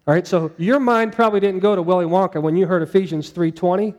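A man's voice: high-pitched, fast, few pauses, in a large hall. A man preaching a sermon to a congregation in a conversational way, asking them questions as he goes. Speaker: pastor.

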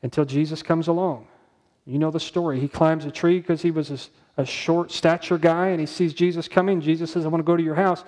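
A man's voice: a little high, fairly even intonation, fairly quick, a little mellow. Man preaching a conversational sermon. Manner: conversational preaching with rhetorical questions to the congregation. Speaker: pastor.

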